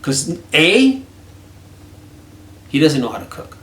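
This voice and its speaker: A man casually telling a story, animated and swearing often while acting out conversations. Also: fairly high pitch, takes it slowly, echoey room.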